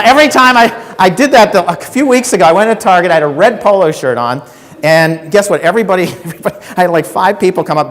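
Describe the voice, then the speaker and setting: A man's voice: high voice, a bit bright. Man giving a keynote in a hall. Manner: storytelling, asks the audience questions, acts out quotes. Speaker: keynote speaker. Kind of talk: live keynote talk to a sales audience. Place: conference hall. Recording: reverberant hall recording.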